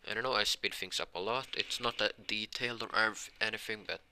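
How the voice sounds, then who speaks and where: A man retelling a fan story in a halting, casual way full of fillers and restarts. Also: lowish voice, fairly even intonation, pushed and bright, clear, resonant tone.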